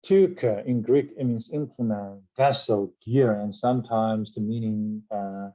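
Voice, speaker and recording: Spelling out words letter by letter, a man explains word roots in an English vocabulary lesson, often asking "right?" amid pauses and filler sounds. His voice is fairly low and dark in tone, and the audio quality is poor.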